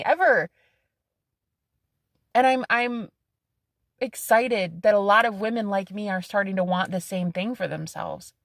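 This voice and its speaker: A woman in her thirties talks straight to camera in a casual vlog, blunt and defiant, swearing freely and hammering her points home by repeating them. Her voice sits at an ordinary middle pitch. The sound is close and dry, with no room around it. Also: no room sound. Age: 30s. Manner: laughs between lines. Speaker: psychic medium.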